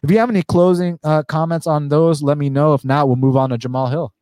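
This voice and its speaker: A man hosting a casual podcast, rambling and swearing freely. His voice sits a bit high, and the recording is very dry and close. He speaks with loose, animated energy. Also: quick pace, no echo. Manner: profane, animated, rambling with many fillers. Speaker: podcast host. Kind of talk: casual fight-betting podcast chat.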